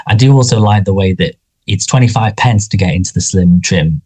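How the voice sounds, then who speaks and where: A man with a low, slightly husky voice co-hosts a podcast. He chats casually and rambles, often circling back and restarting his sentences. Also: fairly quick, mellow. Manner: rambling, frequent restarts and fillers. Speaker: podcast co-host. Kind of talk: casual chat about a sitcom.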